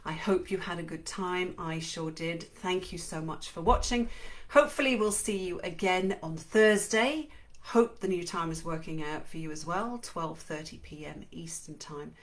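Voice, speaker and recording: A woman's voice: fairly low pitch, moderate pace. A woman host reading a book's first chapter aloud on a live stream, then chatting with viewers. She talks in a chatty way and laughs easily.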